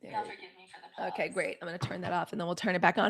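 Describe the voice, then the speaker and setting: A woman hosting a daily live news stream, talking in a sassy, animated way straight to her viewers. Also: fairly low pitch, very fast, creaky, husky. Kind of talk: casual live-stream commentary.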